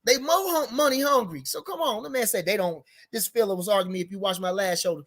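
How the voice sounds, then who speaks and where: Man, high voice, speech, rambling boxing chat, repeats himself, heated. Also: expressive, brisk, hardly any pauses, fairly bright tone. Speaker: boxing commentary show host. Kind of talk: casual unscripted boxing talk.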